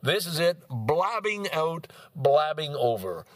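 A man's voice: a little high, sing-song, slow pace, dry recording. A man hosting a solo podcast, rambling bluntly and swearing freely as he drifts from topic to topic. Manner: profane, blunt, digressive. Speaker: podcast host.

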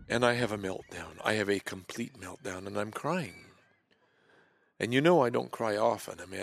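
A man talking in a confessional monologue, halting and repetitive, his voice often trailing off into soft near-whispers. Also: fairly low pitch, creaky, dry recording.

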